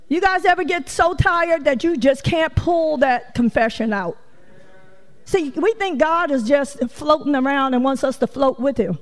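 High-voiced woman preaching in a reverberant hall. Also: moderate pace. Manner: folksy, acts out quotes, laughs often. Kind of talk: conversational sermon. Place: church sanctuary.

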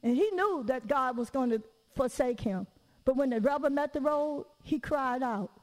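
A woman preaching a candid, conversational sermon, lively and laughing, with frequent rhetorical questions to the congregation. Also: high voice, normal speed, big-room sound, poor audio.

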